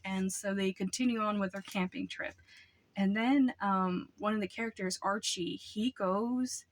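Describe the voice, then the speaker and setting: A woman's voice: medium pitch, steady tone, unhurried. A young woman casually reviewing books in a rambling way, full of "like" and "um.". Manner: rambling, lots of "like" and "um" fillers. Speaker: book vlogger.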